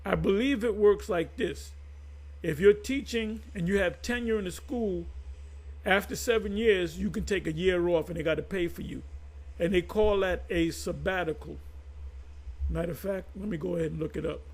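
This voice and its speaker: A man's voice: sits high, normal speed, darkish tone, rough recording. A man giving informal religious commentary to his viewers, reading definitions aloud and explaining them in a conversational way that often repeats itself.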